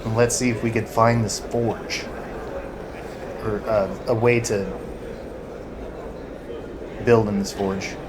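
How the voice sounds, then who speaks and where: A man's voice: fairly low pitch, level tone, takes it slowly, long pauses. A man playing a role-playing game, rambling and reading the game text aloud, sounding distracted. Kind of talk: let's play commentary and reading. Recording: noisy home recording.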